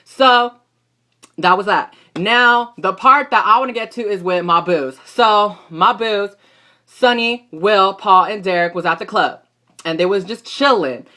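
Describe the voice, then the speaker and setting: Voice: medium pitch, measured pace, bright, forceful tone. A young adult recapping a soap opera episode in a casual vlog, talking in a gossipy, slangy and profane way. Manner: gossipy, profane and slangy, talks back at the characters.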